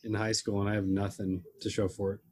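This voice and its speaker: A man's voice: lowish voice, flat delivery, fast talker, darkish tone, a little hiss or hum. A young man hosting a casual podcast chat, telling rambling jokey stories. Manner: rambling, joking storyteller. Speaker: podcast host.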